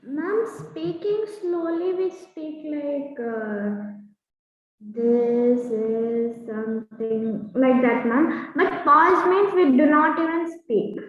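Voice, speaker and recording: A female student answers her teacher on an online call, speaking very slowly and hesitantly with many fillers. Her high voice rings in a strongly echoing room, and the line sounds dull and lo-fi. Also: soft background music. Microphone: video call.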